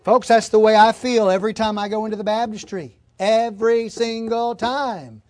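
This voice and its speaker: Preacher man, high-pitched, earnest, emphatic, repeats himself. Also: steady tone, normal speed, a little mellow. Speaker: pastor. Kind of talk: sermon.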